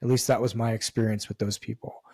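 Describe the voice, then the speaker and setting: A man's voice: lowish voice, flat delivery, fast, darkish tone, no echo. A man as a podcast guest, talking in an earnest, emphatic way with casual swearing. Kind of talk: candid conversational interview.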